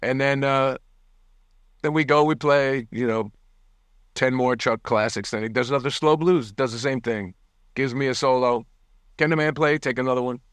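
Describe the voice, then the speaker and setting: Guy telling a gig story, mid pitch, does the voices, dead dry mic. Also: moderate pace, clear, resonant tone, dry recording. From United States. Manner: animated storyteller, acts out quotes, laughs often. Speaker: guest musician. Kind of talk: casual storytelling interview.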